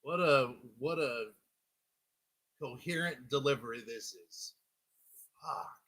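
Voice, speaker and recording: A man's voice: mid-range voice, slow pace, a bit bright. A man hosting a show, commenting sarcastically on comedy clips. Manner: dry, sarcastic. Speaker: show host.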